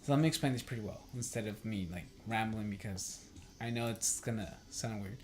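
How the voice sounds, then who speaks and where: A young podcast host talks fairly quickly in a fairly low voice, rambling casually with lots of fillers and swearing. When quoting others, he acts it out in a livelier voice.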